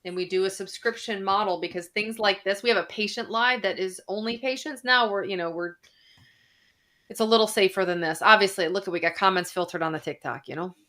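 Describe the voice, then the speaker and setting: A woman's voice: medium pitch, a little fast, sharp tone. A woman doctor hosting a casual live Q&A. She chats freely, reads viewer comments aloud and swears a little. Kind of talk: casual livestream chat. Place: Arizona.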